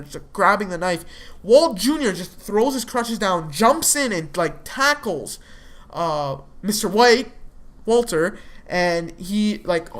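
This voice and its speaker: A woman casually retelling a TV episode in a rambling way, with lots of fillers and restarts. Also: on the low side. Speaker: TV episode recap vlogger. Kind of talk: casual spoken episode recap.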